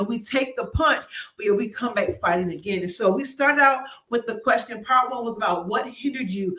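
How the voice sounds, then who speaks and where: Woman giving a lively motivational talk. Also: a little high, roomy sound, recorded from a distance. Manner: lively and chatty, keeps turning to the audience with "y'all" and "right?". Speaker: host of a live online talk show. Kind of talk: motivational live-stream talk.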